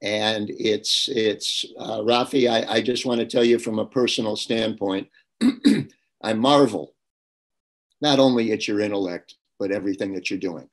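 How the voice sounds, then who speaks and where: A man's voice: on the low side, unhurried. A middle-aged man interviewing a guest, telling a long personal anecdote in an earnest way and acting out bits of dialogue. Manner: earnest, anecdotal, warm recollection with quoted dialogue.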